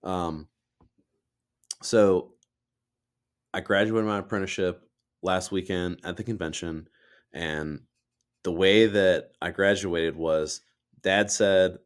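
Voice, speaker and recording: A man's voice: low voice, fairly even intonation, takes it slowly, long pauses, clear, resonant tone. A man co-hosting a podcast, telling personal stories in a loose, heartfelt way and swearing freely. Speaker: podcast co-host. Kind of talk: casual chat.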